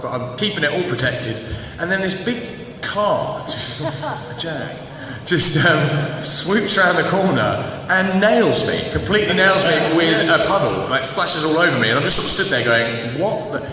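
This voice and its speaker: A man recounts a mishap with animated swings in his voice. He chuckles between lines. The sound is distant and roomy, with a crowd murmuring behind. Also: a little high, moderate pace. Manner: laughing through the story. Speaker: cast member interviewee. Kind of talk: animated anecdote.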